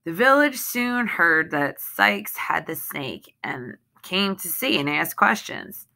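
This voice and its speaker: A woman reading a short story aloud in a measured, deliberate way. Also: lowish voice, lively intonation, creaky, pushed and bright. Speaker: reader.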